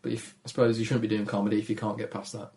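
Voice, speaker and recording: A man with a gravelly voice and a Black Country accent, chatting as a guest on a podcast in a shy, low-energy, self-deprecating way. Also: flat delivery, racing, a little mellow. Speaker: comedian guest. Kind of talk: casual podcast chat.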